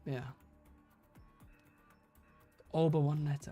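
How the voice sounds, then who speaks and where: Low-voiced woman hosting a chatty livestream. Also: animated, unhurried, long pauses, soft background music. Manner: chatty, giggly, trips over words. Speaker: livestream host running a quiz. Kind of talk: casual live-stream chat.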